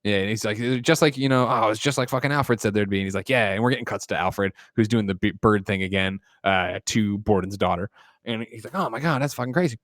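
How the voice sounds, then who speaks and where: A man casually recapping a movie plot, rambling and acting out the characters' lines in loud mock voices. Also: lowish voice, steady tone, a little fast, no room sound, clean studio sound. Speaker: podcast co-host.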